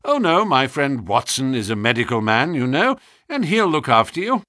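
A man reading aloud, voicing a keen, commanding detective with crisp, intense speech in a storybook. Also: mid-range voice, sing-song, moderate pace, bright, forceful tone, no room sound, studio quality. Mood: intent.

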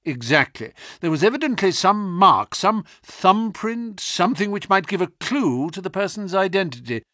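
A man voicing Sherlock Holmes, a keen and sharp-minded detective who speaks in a measured, probing and lecturing way, in an audiobook reading. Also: sits high, very animated, no room sound, clean studio sound, pitched above the performer's own voice, full character voice.

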